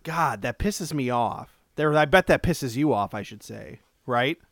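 Here a podcast co-host speaks at medium pitch and an unhurried pace, recorded at studio quality with no room sound. His casual chat is full of animated stories and lots of swearing.

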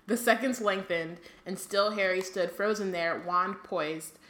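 A woman's voice: mid-range voice, measured pace, a bit bright, reverberant. A woman co-hosting a podcast, chatting casually about a book, reading passages aloud and laughing often. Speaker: podcast co-host. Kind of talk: casual book discussion chat.

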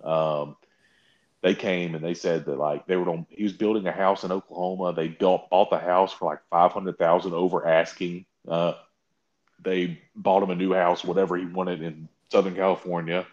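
Very low-voiced man telling stories, casual. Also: moderate pace, muffled recording. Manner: animated storytelling, mocking quotes with big pitch jumps. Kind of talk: casual chat.

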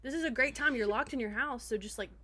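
Giggly young woman chatting, high voice. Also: fast talker, sharp tone. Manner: laughs a lot, many fillers. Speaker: podcast co-host. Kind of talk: casual chat.

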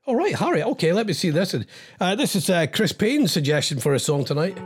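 A man's voice: sits high, sing-song, a little fast, slightly rough. A man hosting a radio show, ranting in an agitated, exasperated, rambling way and jumping between asides in a studio. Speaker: radio host. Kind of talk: rambling on-air monologue.

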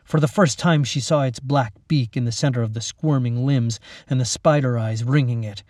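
A man reading a horror story aloud in a steady, measured way, slowing down for grim moments. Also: medium pitch, no room sound, studio quality. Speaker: narrator. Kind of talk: scripted horror story narration.

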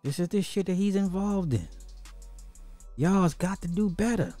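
A man hosting a podcast in casual livestream commentary, animated and slangy, talking straight to his viewers. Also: high-pitched, measured pace, no echo, soft background music. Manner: animated, slangy, addresses the chat directly. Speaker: podcast host.

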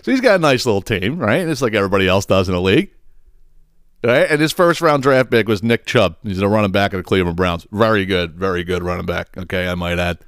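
A man's voice: fairly low pitch, fast talker, clean tone, no room sound, studio quality. Rambling, laughing male podcast host. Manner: rambling, animated, laughs often, swears. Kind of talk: casual storytelling monologue.

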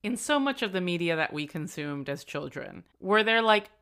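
Woman, bright voice, very lively pitch, casual chat, wry, fillers. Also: normal speed, smooth. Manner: animated, wry, lots of fillers. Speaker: podcast co-host. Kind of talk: casual chat about a film.

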